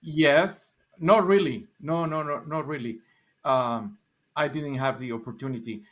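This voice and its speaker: A man's voice: a little high, unhurried, a crowd in the background. A man in his sixties from Mexico, Spanish-accented, rambling through stories in a casual livestream chat with frequent laughs and repeated words. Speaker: livestream guest.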